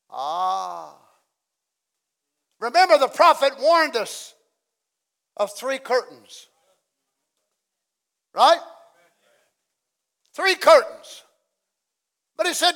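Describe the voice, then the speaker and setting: A middle-aged man preaching a fiery sermon as pastor, swinging from hushed asides to loud shouting. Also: very high voice, lively intonation, drawn-out words, gravelly, pauses often.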